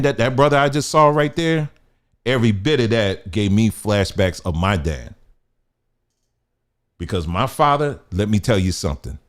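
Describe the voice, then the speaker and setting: A man hosting a podcast, giving emphatic, preachy advice in a casual monologue. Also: lowish voice. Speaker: podcast host.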